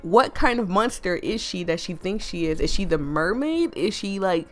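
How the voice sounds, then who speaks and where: Young woman, let's-play commentary, chatty, giggly, lowish voice, faint music under her. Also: lively intonation, moderate pace. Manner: chatty, giggly, rambling with lots of "like". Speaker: gamer playing through a story game.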